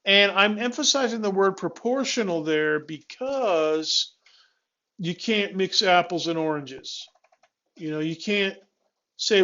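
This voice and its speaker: A man's voice: high-pitched, takes it slowly, sharp tone, highs cut off. A male physics instructor giving a classroom lecture, talking students through the steps with restarts and checking questions.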